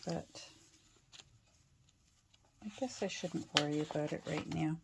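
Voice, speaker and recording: A woman's voice: deep voice, slow, gravelly, heavy background noise. A middle-aged woman from Canada chatting casually with lots of fillers and restarts while she works on a craft project in her home studio. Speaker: craft vlogger.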